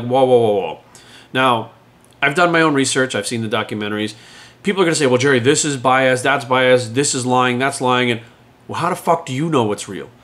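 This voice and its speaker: Fast-talking profane man in his forties. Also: medium pitch, fairly bright tone. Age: 40s. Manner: profane, blunt, heated. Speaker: fitness trainer. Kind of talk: unscripted rant to camera.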